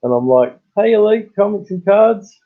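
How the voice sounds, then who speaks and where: A man's voice: expressive, normal speed. Australian male streamer, rambling casual chat, tinny phone-line sound. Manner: rambling, greets chat viewers with sudden high-pitched bursts. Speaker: live stream host.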